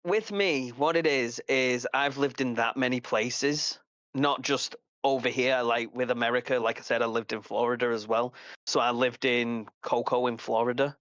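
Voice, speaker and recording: A man's voice: medium pitch, fairly even intonation, normal speed, a bit bright, dry recording. Man, Liverpool accent, rambling casual chat, laughs a lot, dull lo-fi audio, dry sound. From England.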